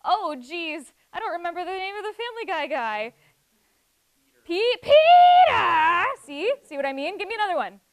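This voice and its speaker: A woman hosting a live comedy show, ranting and animated. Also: extremely high pitch, quick pace, hardly any pauses. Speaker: show host.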